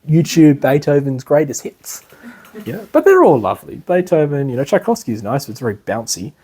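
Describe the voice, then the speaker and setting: A man's voice: on the high side, sing-song, brisk, darkish tone, slightly rough. A young man giving a casual, rambling lecture to a class, full of "you know" and asides. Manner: chatty and rambling, with frequent "you know" and laughs. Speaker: meditation class teacher.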